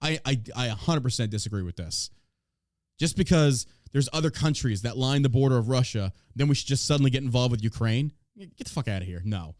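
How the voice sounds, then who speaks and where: A man's voice: medium pitch, lively intonation, fairly quick, darkish tone, dry recording, clean studio sound. Heated, profane male podcast host. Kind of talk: ranting political podcast talk.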